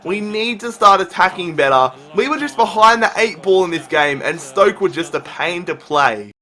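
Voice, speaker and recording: A young man commentating his own football video game match, calm when explaining, then shouting at big chances. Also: high voice, normal speed. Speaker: gaming YouTuber.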